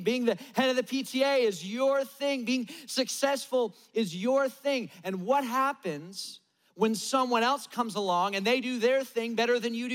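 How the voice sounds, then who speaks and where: A man's voice: sits high, fairly bright tone, in a large hall. A male pastor preaching a sermon in a conversational, emphatic style, with lots of repetition.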